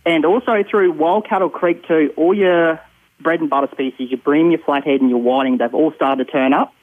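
Australian male caller on a phone line, high-ish voice, easygoing and rambling. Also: moderate pace, no echo. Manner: relaxed, rambling with many ums and uhs. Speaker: fishing report caller. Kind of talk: casual radio phone chat.

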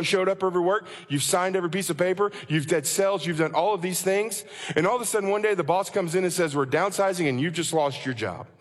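A man's voice: sits high, a bit bright. A male pastor preaching a sermon with passion, acting out anguished prayers to God. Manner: impassioned, acts out anguished prayers. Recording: long church reverb.

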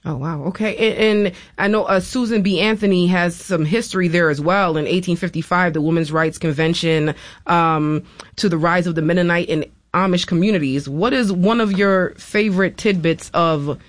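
A woman with a lowish voice hosts a public radio talk show from a studio. She talks in a measured way and slows down for lists and phone numbers. The sound is close and dry. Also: dry recording. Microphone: studio microphone.

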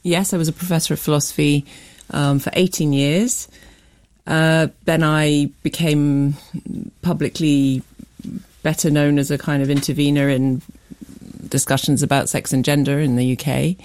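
A middle-aged woman with a low, gravelly voice talks as a radio guest. She speaks in a measured, hesitant way, often pausing on fillers. The studio sound is close and dry. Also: flat delivery, darkish tone, dry recording. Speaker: guest, writer and commentator. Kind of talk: radio interview answers. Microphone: studio microphone.

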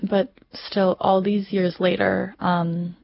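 A woman interviewer asking gentle, prompting questions. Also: mid-range voice, flat delivery, slow pace, creaky, highs cut off.

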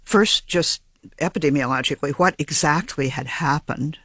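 A man with a fairly high voice speaks as a geneticist in an interview. He explains his science in a measured, precise and academic way, sometimes restarting a phrase. The sound is dry and close, with no room echo. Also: a bit bright, slightly rough.

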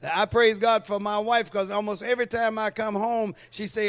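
A man's voice: sits high, steady tone, normal speed, hardly any pauses, a bit bright. A male pastor preaching a sermon in church, calling for amens and checking that the congregation follows along. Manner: calls for amen and asks if the congregation follows.

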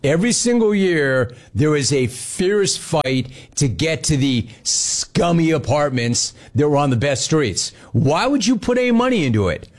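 A middle-aged man hosting a sports radio show, telling stories in a casual, animated monologue. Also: a little high, unhurried, few pauses. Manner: animated storytelling, mimics others in dialogue.

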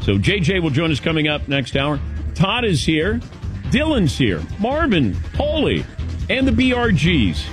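Animated male sports radio host. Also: on the high side, a little slow, over music. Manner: emotional, animated storytelling with rambling restarts. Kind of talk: casual radio talk. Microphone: studio microphone.

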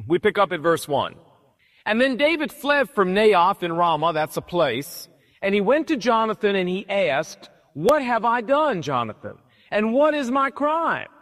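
A man's voice: high voice, very animated, a little slow, fairly bright tone, long reverb tail. A man preaching a sermon, retelling scripture in casual, modern everyday speech. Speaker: pastor.

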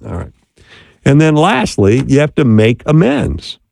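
Male speaker, gravelly voice, dry close sound, conversational teaching, keeps asking "right?". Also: medium pitch, wildly swooping pitch, unhurried, darkish tone, dry recording. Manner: conversational, often asks "right?". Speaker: speaker on marriage. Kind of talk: instructional talk.

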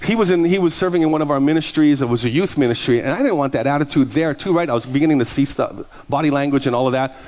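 A male pastor preaching in an animated, conversational way, telling stories and acting out the voices of the people in them. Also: a little high, quick pace, few pauses. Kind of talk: storytelling sermon.

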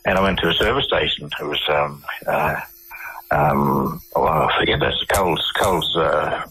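An Australian man telling his stories on a radio show, his voice low and husky. His tone is bright and forward, and he keeps restarting his sentences as he goes. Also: low-quality recording. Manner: halting, many restarts and fillers. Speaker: radio guest. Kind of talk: casual interview storytelling.

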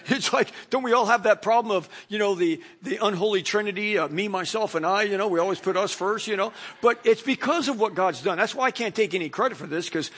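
A man's voice: high voice, fairly bright tone, slightly rough. A middle-aged man, a pastor, preaching a conversational sermon full of stories and fillers. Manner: conversational, storytelling, many fillers.

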